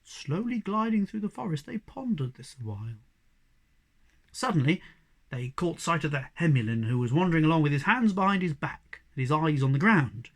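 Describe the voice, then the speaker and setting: A reader giving an expressive storybook reading aloud. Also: mid-range voice. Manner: expressive, varied delivery.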